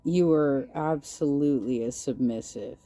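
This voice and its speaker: A woman hosting a commentary show, speaking in a calm, measured, lecturing way. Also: very deep voice. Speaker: commentary host. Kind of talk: commentary over clips.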